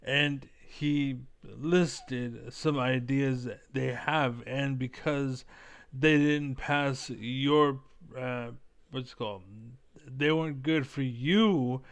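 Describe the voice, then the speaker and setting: Man, reaction commentary, swearing and combative, rambling, smooth clear voice. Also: medium pitch, fairly even intonation, slow pace. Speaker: reaction video creator.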